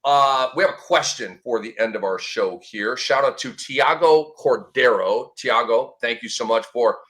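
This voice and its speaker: An excitable man hosts a casual sports podcast chat. His voice is bright and ringing at a middle pitch, and he throws in exclamations as he talks. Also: normal speed. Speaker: show host.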